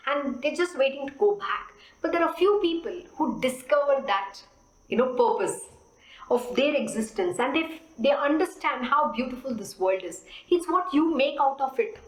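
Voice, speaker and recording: A woman spiritual teacher giving a devotional discourse, expressive and full of rhetorical questions. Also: high-pitched, normal speed. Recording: roomy echo.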